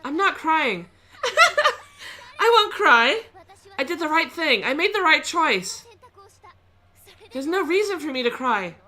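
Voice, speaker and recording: A sharp, bright girlish voice put on by a woman reading a visual novel aloud. She laughs things off with a brittle lightness. Underneath sits a cold, mocking streak. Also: on the high side, expressive, moderate pace, voice pushed up. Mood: brittle laughing. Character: teen girl, sweet turning cold and mocking.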